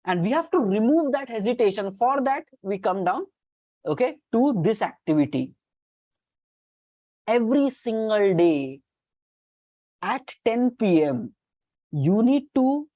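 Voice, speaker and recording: A woman with an Indian accent coaches a class in a mellow, warm voice at a middle pitch. She repeats her key points and drops Hindi phrases into her English. The sound is dry and close, with no room around it. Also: no echo. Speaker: communication skills instructor. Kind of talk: online class lecture.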